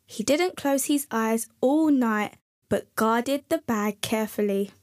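Slow-reading woman storyteller for children. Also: fairly high pitch. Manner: gentle, addressing children. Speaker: storyteller host.

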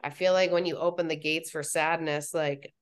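A woman guest on a podcast, telling stories in a casual, animated way, acting out what she and others said and often saying "like". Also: low-pitched, normal speed. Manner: animated storytelling, acting out her own quotes, frequent "like". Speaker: podcast guest, reality show participant.

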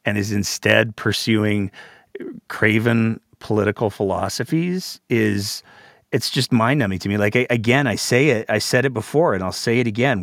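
A man with a somewhat low voice hosts a political podcast, talking casually. He tends to ramble and circle back. The recording is dry and close. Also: fairly bright tone, dry recording. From Alberta, Canada. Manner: rambling, with fillers and restarts. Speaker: podcast host.

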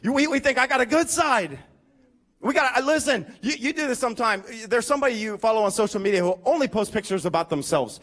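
A pastor giving a lively, conversational sermon with emphatic points and humorous asides. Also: male voice, extremely high pitch, quick pace.

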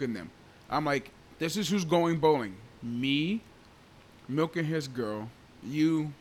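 A man in his twenties co-hosting a podcast, telling stories in a casual, animated way and often calling others "bro.". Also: medium pitch, a little hiss or hum. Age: 20s. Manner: animated storytelling, laughing, says "bro" often. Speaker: podcast co-host.

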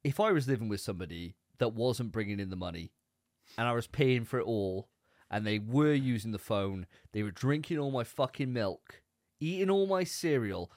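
A man's voice: medium pitch, no echo, clean studio sound. A man co-hosting a podcast, chatting casually and rambling with repeated words. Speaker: podcast co-host. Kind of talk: casual chat.

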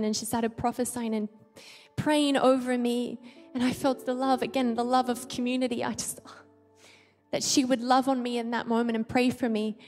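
A middle-aged woman pastor preaching a personal story in a confiding, emotional way, often halting. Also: on the high side. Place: church auditorium. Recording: church hall reverb, soft music.

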